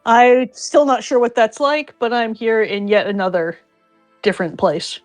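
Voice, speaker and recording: A woman's voice: a little high, fairly even intonation, moderate pace, soft background music. A woman playing in a tabletop game, speaking casually and hesitantly with frequent ums. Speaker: player.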